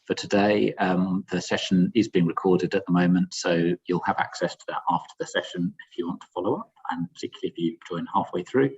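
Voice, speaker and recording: A man hosting a webinar, giving housekeeping notes in a halting way full of ums and uhs, over a video call. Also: low voice, slightly rough. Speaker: webinar host. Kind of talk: housekeeping announcements. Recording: dull lo-fi video call audio.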